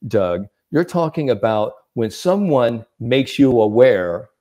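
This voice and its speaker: A man's voice: mid-range voice, takes it slowly. A man who is a sports psychologist, giving mental coaching advice in a podcast chat and acting out the people he quotes. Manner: animated storyteller, acts out quotes.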